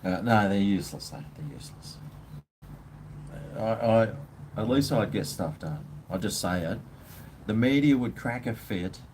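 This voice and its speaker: A man's voice: lowish voice, lively intonation, unhurried, a little mellow, a little hiss or hum. A man with an Australian accent, ranting bluntly and swearing as he chats casually with viewers on his livestream. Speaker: live stream host.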